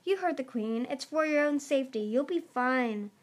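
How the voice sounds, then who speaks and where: Earnest young storybook dragon, pleading, higher and louder than the narration, read by a woman. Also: lively intonation, moderate pace. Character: earnest young female sea dragon leader.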